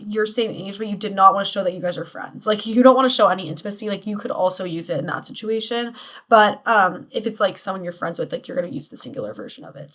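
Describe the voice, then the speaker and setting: A young woman speaks quickly through a class presentation, her phrasing loose and casual. She leans on "like" and "um" as she explains, sounding like a student at the front of the room. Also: medium pitch, fairly bright tone. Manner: casual, filler-heavy, lots of "like" and "um".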